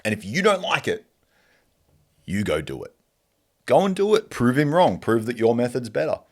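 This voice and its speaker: A man's voice: medium pitch, big pitch swings, moderate pace. A young Australian man hosting a podcast, giving a blunt, profane, fired-up motivational monologue with an occasional cough. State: coughing at times. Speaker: podcast host.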